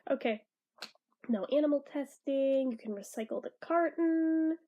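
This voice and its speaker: A woman's voice: high-pitched, measured pace, muffled recording. Bubbly, stuffy-nosed woman reviewing lip balm. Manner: bubbly, chatty and easily sidetracked. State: stuffy nose. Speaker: beauty product reviewer. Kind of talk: casual product review vlog.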